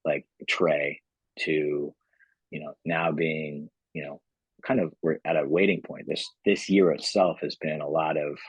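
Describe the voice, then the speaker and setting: A man's voice: a bass voice, level tone, measured pace, slightly rough, dry recording, highs cut off. A man, a company founder, telling his story as a podcast guest in a loose, rambling way full of "you know.". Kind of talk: casual storytelling interview.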